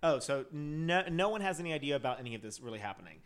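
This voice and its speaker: A man's voice: mid-range voice, very animated, fast. A man hosting a casual podcast, reading a true crime case from notes with frequent stumbles and restarts. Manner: reads notes with stumbles and restarts, laughs often. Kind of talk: casual chat.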